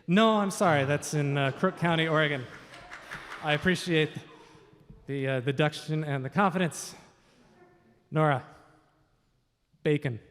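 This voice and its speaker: A man's voice: a little high, measured pace, long pauses, fairly bright tone. A man from Washington state hosting a live stage quiz, upbeat and chatty with joking asides, on a stage microphone. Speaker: quiz host. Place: large event hall. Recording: reverberant hall sound.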